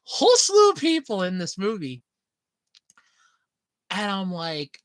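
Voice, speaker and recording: A young woman with a medium-pitched voice chats casually with viewers, taking it slowly as she tells stories. She's giggly and animated, often breaking into laughter. There's no echo.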